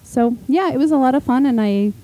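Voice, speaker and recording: A woman co-host chatting on a podcast, telling stories with eager excitement. Her voice is mellow and warm, recorded dry and close. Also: high-pitched, a little fast, no echo, poor audio. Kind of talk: casual chat.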